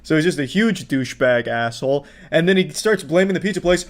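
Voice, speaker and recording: A man's voice: a little high, animated, a little fast, hardly any pauses. A man doing sarcastic, profane reaction commentary over video clips, mocking the people in them.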